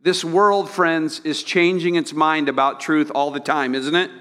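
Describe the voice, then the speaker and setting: Guy pastor preaching, kinda high voice, chatty with lots of questions, long church reverb. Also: little pitch movement, unhurried, fairly bright tone. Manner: conversational preaching with repeated words and rhetorical questions. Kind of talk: sermon.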